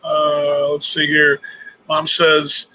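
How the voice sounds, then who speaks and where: High bright Texan man rambling. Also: completely flat delivery, extremely slow, poor audio. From Texas. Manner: rambling, chatty, restarts often. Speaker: host. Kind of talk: casual live-stream chat.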